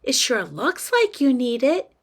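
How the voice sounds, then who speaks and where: Storybook role: woman playing a pushy seven-year-old girl, high and eager, lots of bounce. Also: wildly swooping pitch, unhurried, slightly rough, exaggerated voice. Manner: eager, insistent.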